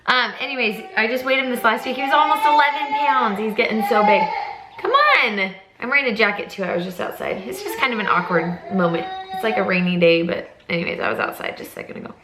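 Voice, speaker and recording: A woman's voice: on the high side, fast talker, few pauses, very noisy. A young woman chatting casually to her phone camera at home, rambling and self-deprecating. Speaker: vlogger and foster mom. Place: home, indoors.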